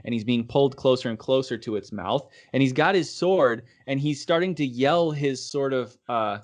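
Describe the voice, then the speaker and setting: A man's voice: medium pitch, moderate pace. A man co-hosting a casual podcast discussion, talking enthusiastically about a scene he loved. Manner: enthusiastic and animated. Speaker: podcast co-host.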